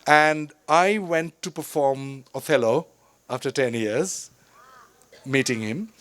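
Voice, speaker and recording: A middle-aged actor giving a reflective storytelling talk at a film festival, digressive and full of fillers and restarts. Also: male voice, medium pitch, takes it slowly, fairly bright tone, no room sound. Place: festival stage or hall.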